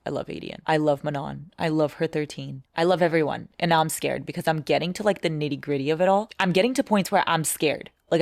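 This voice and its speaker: A woman's voice: low-pitched, gravelly. Gushing young woman vlogging about books. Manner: emotional, gushing, swears casually. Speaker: book vlogger. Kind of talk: casual reading vlog.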